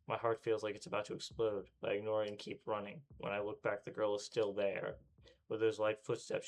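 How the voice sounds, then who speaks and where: A man's voice: lowish voice, creaky. A male streamer reading a visual novel aloud with dramatic delivery, acting out panting and breathlessness.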